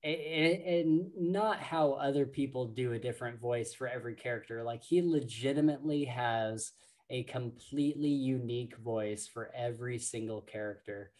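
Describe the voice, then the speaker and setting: A man co-hosting a podcast, chatting casually about books in a halting way full of fillers and restarts. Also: mid-range voice, a little mellow. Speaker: podcast co-host. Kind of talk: casual book discussion.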